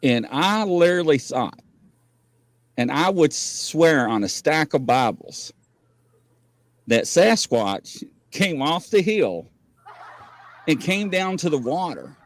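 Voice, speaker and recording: Lively man telling a tall tale. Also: fairly high pitch, takes it slowly, pauses often, no echo. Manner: animated, rambling storyteller who laughs often. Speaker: host of a paranormal variety show. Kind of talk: casual livestream chat.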